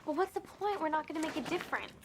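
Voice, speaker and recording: A woman's voice: sits high, lively intonation, rapid-fire, noisy background. An actress playing a defiant teenage girl who argues earnestly for her school play. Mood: discouraged. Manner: earnest, insistent.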